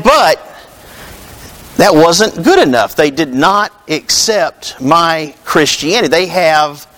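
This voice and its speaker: A man's voice: on the high side, a bit bright, slight background noise, poor audio. A man preaching a sermon in a conversational, storytelling way, calling out to his congregation. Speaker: pastor.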